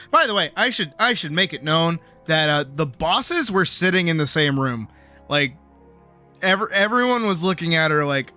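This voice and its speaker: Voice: medium pitch, animated, normal speed, pushed and bright, soft background music. A young adult streamer telling a work story in casual chat, swearing freely and acting out quoted voices.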